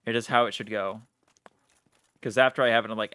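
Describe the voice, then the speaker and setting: A man's voice: on the low side, steady tone, rapid-fire, bright, forceful tone, dry recording. A man streaming a game live, chatting casually in a rambling way, swearing and laughing at himself. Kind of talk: casual live-stream chat while gaming.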